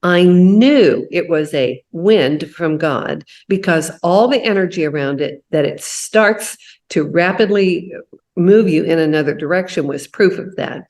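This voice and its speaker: Lower-voiced woman telling a faith story. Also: unhurried, a little mellow. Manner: conversational, retells a story with quoted dialogue and many "you know"s. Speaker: host of a women's coffee chat. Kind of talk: faith-based storytelling chat.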